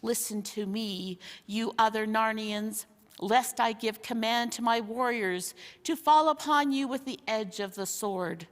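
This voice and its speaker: A woman's voice: fairly high pitch, a little slow, natural voice. A woman voicing a stern, commanding male warrior captain who threatens the crowd, in a storybook reading. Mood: threatening. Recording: long hall reverb.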